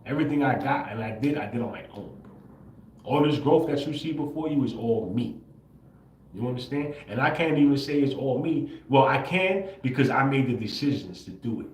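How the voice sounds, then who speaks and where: A man's voice: mid-range voice, expressive, a little fast. A man on a livestream talking straight to his viewers, tagging lines with "bro" and "right?", laughing often and swearing freely. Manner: swears casually. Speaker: livestream host. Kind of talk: casual livestream monologue. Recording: roomy echo.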